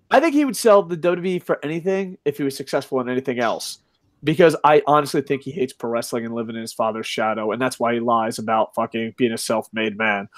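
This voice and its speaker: A man's voice: mid-range voice, no room sound, clean studio sound. A middle-aged man hosting a casual live-stream chat, reading viewer comments aloud, swearing freely and laughing often. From lives in Japan. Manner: profane, joking, laughs often. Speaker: podcast host reading chat.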